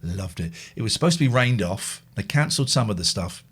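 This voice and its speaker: A man's voice: fairly low pitch, animated, brisk, fairly bright tone, breathy edge. A middle-aged man hosting a live phone-in show, telling rambling anecdotes in a chatty way. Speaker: radio phone-in host. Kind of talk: casual live chat.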